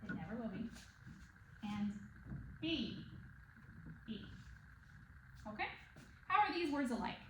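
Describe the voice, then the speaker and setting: A woman's voice: fairly high pitch, very animated, slow, long pauses. A woman teaching a one-on-one reading lesson, patiently checking in with the student. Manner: patient, checks in with "okay?" and "right?". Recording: echoey room with noise.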